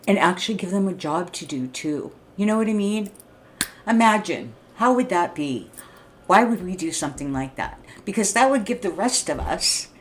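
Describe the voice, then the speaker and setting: A middle-aged woman ranting to camera in a blunt, profane, heated way, often clearing her throat. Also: medium pitch, slight background noise. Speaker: vlogger. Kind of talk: unscripted rant to camera. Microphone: streaming setup mic.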